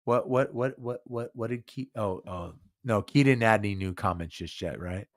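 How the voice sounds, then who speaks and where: A man's voice: on the low side, moderate pace. A drunk man hosting a podcast, slurring his speech, rambling and stumbling over repeated words. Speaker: podcast host. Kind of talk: casual live podcast talk.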